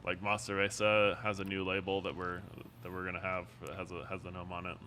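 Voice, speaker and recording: A man's voice: low-pitched, monotone, fairly quick, bright, forceful tone, slight background noise. A man, a head brewer, chatting casually and explaining his beer in a friendly, rambling way, often laughing. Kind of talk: casual chat. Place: brewery taproom. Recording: faint taproom ambience.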